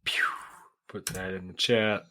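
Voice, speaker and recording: A man chatting on a podcast with a bright, forceful voice. He rambles through a story, excitable and full of fillers. Casual, loose delivery. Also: sits low, unhurried, slight background noise. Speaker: podcast co-host. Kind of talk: casual chat.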